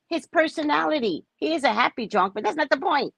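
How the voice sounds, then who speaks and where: Speaking high and fairly quick with a creaky voice and hardly any pauses, this woman host spins a casual, animated story. She acts out quotes, swears offhandedly, and tags lines with "right?", on a rough recording with no room sound.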